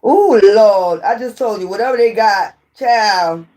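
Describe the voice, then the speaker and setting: A woman giving a casual, animated tarot reading, often scolding and repeating herself. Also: medium pitch, moderate pace. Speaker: tarot reader.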